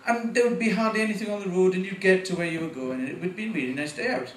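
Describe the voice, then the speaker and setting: Rapid-fire and high-voiced, a nervous man in his 40s stumbles through his debut stand-up set, swearing, rambling and chuckling at himself. He's in a small venue with a live audience, with slight background noise. The sound is echoey, recorded from a distance with faint ambience.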